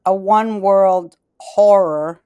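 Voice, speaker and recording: A woman's voice: mid-range voice, drawn-out words, mellow, smooth, dry recording, muffled recording. A woman hosting a podcast, telling stories in a blunt, profane, rambling way and losing her thread. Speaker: podcast host. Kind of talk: casual rambling storytelling chat.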